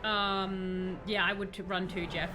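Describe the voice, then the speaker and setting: A woman streaming a video game, chatting excitedly and talking to the characters on screen. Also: medium pitch, a little slow, over music. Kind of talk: live gameplay commentary.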